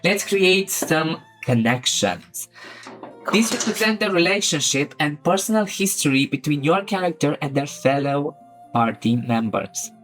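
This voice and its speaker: A woman's voice: low-pitched, lively intonation, measured pace, faint music behind, rough recording. A woman running a casual tabletop game session as game master, guiding players through character creation and laughing often.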